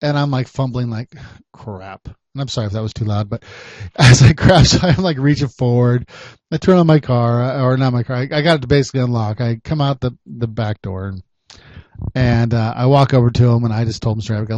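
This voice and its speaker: A man hosting a podcast, a private investigator telling a story in a chatty, animated way. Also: medium pitch, a little fast, no echo, highs cut off. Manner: animated, chatty, laughs often.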